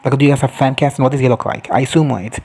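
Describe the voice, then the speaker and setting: A man's voice: medium pitch, fairly even intonation, racing, gravelly, darkish tone, slightly rough. A young man recapping a TV episode in a profane, chatty comedy style, jumping in and out of silly character voices. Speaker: reaction video host.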